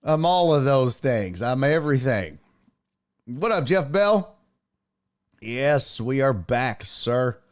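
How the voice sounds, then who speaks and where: A man hosting a live sports talk stream, excitable and profane, greeting chat viewers by name and laughing often. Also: medium pitch, slow, pauses often. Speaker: sports talk show host.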